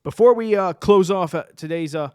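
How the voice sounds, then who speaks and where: A man's voice: high voice, normal speed, darkish tone, clean tone. A man co-hosting a casual sports chat show, enthusiastic and chatty, laughing often and restarting his sentences. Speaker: sports podcast co-host.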